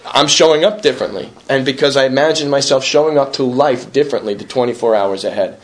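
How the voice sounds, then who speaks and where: A man's voice: medium pitch, fast talker. A man speaking at a recovery meeting, earnest and self-deprecating, repeating himself and often asking for agreement. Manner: repetitive, conversational, keeps asking "right?". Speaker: recovering alcoholic sharing at a meeting. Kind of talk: personal recovery talk.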